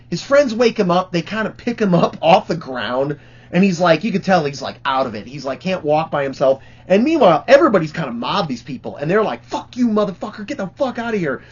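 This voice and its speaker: A man's voice: on the high side, slightly rough, lo-fi sound. A man hosting his own channel, telling rambling, profane stories in a casual way with lots of fillers.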